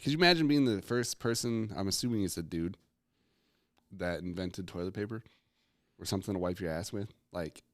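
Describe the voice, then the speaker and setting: A man's voice: sits low, a little fast, no room sound, studio quality. A young adult married man co-hosting a podcast in casual chat, laid-back and profane, laughing often. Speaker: podcast co-host.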